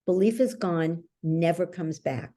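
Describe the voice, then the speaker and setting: Woman coach guest, low mellow voice, takes her time, keeps asking "okay?". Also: a little slow. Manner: checks in with the listener often, storytelling. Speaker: guest, belief-change coach. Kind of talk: explanatory interview talk.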